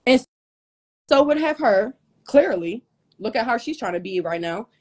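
A woman with a fairly high voice rants on a live stream, furious, profane and confrontational. She is worked up, hot and sweating, and she keeps hammering her point straight into her phone. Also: animated, measured pace, darkish tone. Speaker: livestream host. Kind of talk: heated livestream rant.

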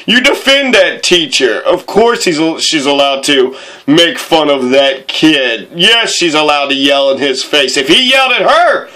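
A man's voice: a little high, bright, forceful tone. A man playing a smug female school official who sarcastically defends abusive teachers. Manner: sarcastic, preachy, profane.

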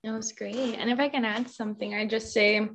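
A woman's voice: fairly high pitch, fairly even intonation, brisk, fairly bright tone, a little hiss or hum. A woman speaking as a panelist in a candid discussion, passionate and outspoken. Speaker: workshop panelist.

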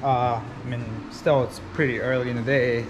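A man's voice: mid-range voice, level tone, moderate pace, noisy background. A man who wraps cars, narrating his shop work casually with many fillers and restarts. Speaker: vinyl wrap installer. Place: workshop.

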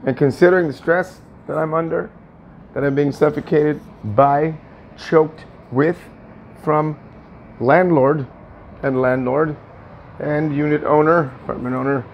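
A man's voice: a little high, fairly even intonation, a little slow, dull audio, slight background noise. A man venting in a personal vlog from his apartment, aggrieved and repetitive, often swearing. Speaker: tenant vlogger. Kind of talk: agitated personal vlog rant.

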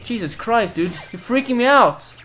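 A young man casually commentating a co-op platform game, excitable, cursing often and bursting into loud laughter. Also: extremely high pitch, normal speed, soft background music. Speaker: gaming video host. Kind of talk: casual let's-play commentary.

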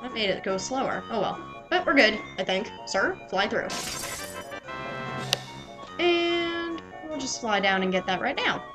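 A young adult woman giving chatty, excitable gameplay commentary and talking back to the game characters. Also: fairly high pitch, measured pace, pauses often, rough recording. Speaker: let's play gamer. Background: game music.

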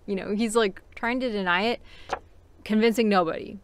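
A woman talks through a novel in a relaxed book-review chat. Her voice sits at an ordinary middle pitch. She muses aloud with plenty of fillers and easy laughs. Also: normal speed. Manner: chatty and musing, with frequent fillers and laughs.

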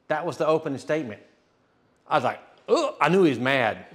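A man's voice: fairly high pitch, sing-song, moderate pace, fairly bright tone. A man pastor telling a testimony in a sermon, acting out dialogue and laughing often. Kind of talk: sermon storytelling.

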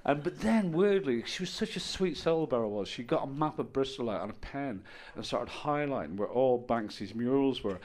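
A middle-aged man doing a stand-up set on stage, telling stories deadpan with bursts of loud exasperation. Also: medium pitch, moderate pace, few pauses. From Ireland. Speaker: stand-up comedian. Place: comedy stage with audience.

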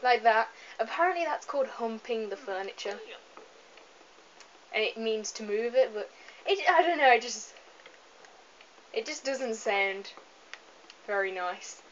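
A young woman gives loose, giggly commentary while playing a game at home, wandering off on asides. Her voice sits a little high. The camera mic makes it sound dull and lo-fi, with a faint hiss underneath. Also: expressive, unhurried, long pauses. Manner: chatty, giggly, rambling asides. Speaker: let's play gamer. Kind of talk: casual gameplay commentary. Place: home room, moving away from the camera at times.

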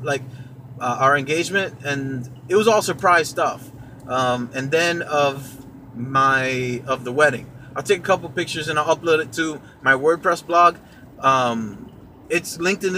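Bright-voiced young man telling a rambling story. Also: a little high, a little hiss or hum. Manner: rambling, with many fillers and restarts. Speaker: podcast host and vlogger. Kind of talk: casual personal storytelling.

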